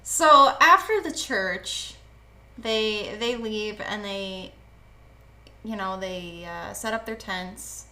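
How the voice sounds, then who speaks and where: A woman's voice: medium pitch, slow, bright, forceful tone. A woman co-hosting a podcast, casually retelling a book's plot with emphatic phrasing and frequent swearing. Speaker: podcast co-host.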